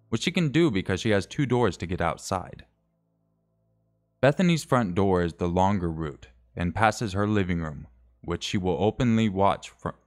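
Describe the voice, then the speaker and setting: A man streaming, reading a scary story aloud in a casual way, correcting his slips and adding wry asides. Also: sits low.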